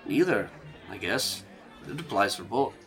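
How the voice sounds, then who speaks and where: A man playing a smooth, mysterious bartender in a tux who speaks slowly and quietly in a tabletop role-play. His voice is bright and slightly low, with faint music behind it. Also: very animated. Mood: suave.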